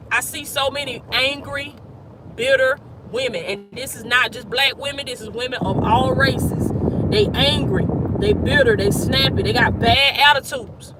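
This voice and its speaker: Emphatic high-voiced woman coaching outdoors. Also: noisy background. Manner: emphatic, repetitive preaching cadence. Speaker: life coach. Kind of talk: motivational talk.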